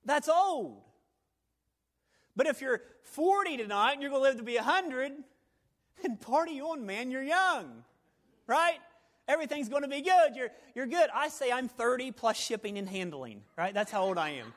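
Male pastor, very high voice, folksy, animated evening sermon with hushed drops. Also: normal speed. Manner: animated preaching that drops to near-whispers; folksy, joking asides. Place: church sanctuary, evening service.

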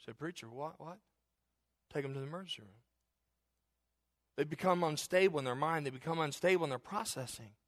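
A middle-aged male pastor preaching a sermon in a conversational way, with joking asides and loud, emphatic stretches. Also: a little high, fast talker, pauses often.

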